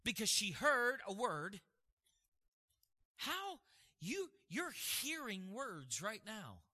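A man with a high, very bright voice preaches to his congregation. He keeps asking questions and answering them himself. A long hall reverb trails each phrase. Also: wildly swooping pitch, slow pace. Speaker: pastor. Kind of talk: sermon.

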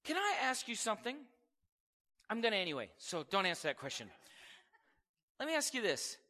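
A man preaching a sermon as pastor, animated and acting out little voices to make his points. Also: high voice, a little fast, long reverb tail. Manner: animated preaching, acts out voices of God and people.

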